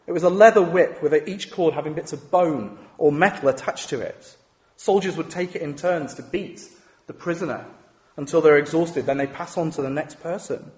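A man's voice: a little high, normal speed, a little mellow. A man preaching a sermon in a conversational way, often asking rhetorical questions.

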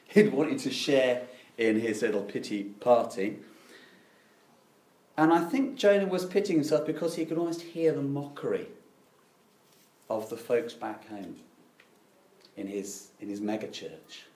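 A man's voice: mid-range voice, big pitch swings, a little slow, long pauses, darkish tone, echoey room. A middle-aged man preaching a sermon, telling stories with dry, self-deprecating irony.

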